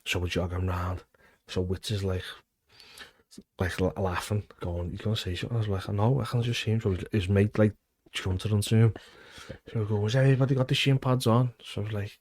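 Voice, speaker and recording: A man in his thirties with a fairly low voice speaks at a quick pace in a recording with no echo. He's a former footballer with a Liverpool accent, telling stories in a casual interview. He's animated, swears freely, and loudly acts out quotes.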